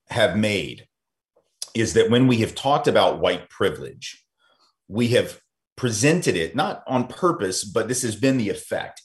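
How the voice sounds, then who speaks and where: Low-voiced man explaining earnestly. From United States. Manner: earnest, explanatory, with fillers and repeats; acts out quoted voices in higher pitch. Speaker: podcast guest, author and speaker. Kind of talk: conversational interview.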